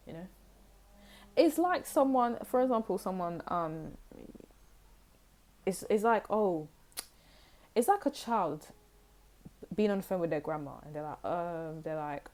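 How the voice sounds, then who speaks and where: A woman's voice: fairly low pitch, normal speed, a little mellow. A young woman from the United Kingdom giving a casual tarot reading, chatty and rambling, acting out little scenes as she explains. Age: young adult. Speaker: tarot reader.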